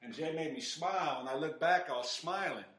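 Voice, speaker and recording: A man from California, co-hosting a podcast, telling a story in a lively, animated way and acting out the shouting people in it. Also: a little high, brisk, reverberant. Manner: animated, acts out shouting voices in his stories. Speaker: podcast co-host. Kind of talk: casual storytelling chat. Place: garage.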